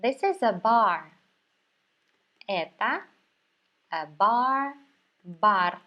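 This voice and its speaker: Slow, patient Russian-accented woman teacher. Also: medium pitch, animated, highs cut off. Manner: patient, repeats words slowly for learners. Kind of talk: slow, careful language lesson.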